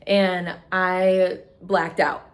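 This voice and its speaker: A woman's voice: on the low side, flat delivery, extremely slow. A young adult woman beauty vlogger telling a story in casual chat, gushing and emotional.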